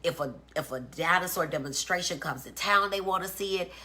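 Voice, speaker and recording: With a lowish, bright, forceful voice and a fairly quick pace, this woman lectures on autism as a doctor over a casual livestream. Chatty in manner, she explains, asks "okay?" to check in, and greets her viewers by name.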